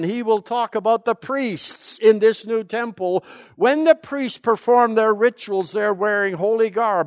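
High-voiced man giving an emphatic lecture. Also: no echo, clean studio sound. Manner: emphatic, asks rhetorical questions. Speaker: Bible lecturer. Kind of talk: teaching lecture.

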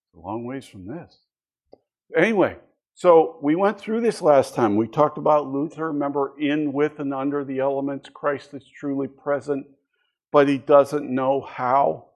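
A middle-aged man gives a church history lesson in a relaxed, conversational way. His voice sits at an ordinary mid pitch. He moves between read passages and personal asides with light, easy asides. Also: a little slow. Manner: conversational, tells anecdotes with asides.

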